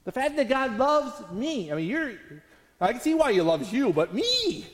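A man's voice: extremely high pitch, big pitch swings, moderate pace, long reverb tail. A man preaching a sermon in a conversational, storytelling way, acting out the quotes he tells. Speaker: pastor.

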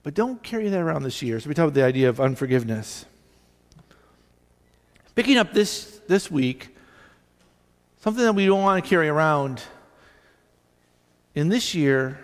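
A male pastor preaching a sermon, animated as he tells stories and acts out both sides of conversations. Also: a little high, normal speed, long pauses, big-room sound. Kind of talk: sermon with storytelling.

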